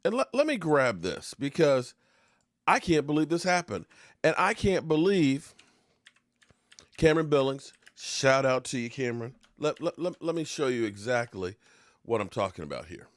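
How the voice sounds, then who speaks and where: Eating pie as he goes, a sports talk show host rants and jokes animatedly at a moderate pace, swinging between low mutters and loud outbursts. The recording is dry with clean studio sound.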